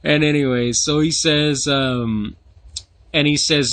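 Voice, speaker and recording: A man's voice: fairly high pitch, steady tone, takes it slowly, a bit bright. Profane New Mexico man teaching scripture. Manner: profane, slangy, mocking asides.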